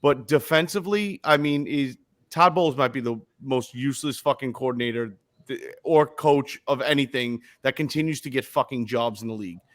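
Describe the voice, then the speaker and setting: A man's voice: medium pitch, normal speed. A man co-hosting a casual sports podcast, blunt and profane, hammering his points with repeated phrases. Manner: blunt, profane, emphatic with frequent repetitions. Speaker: podcast co-host.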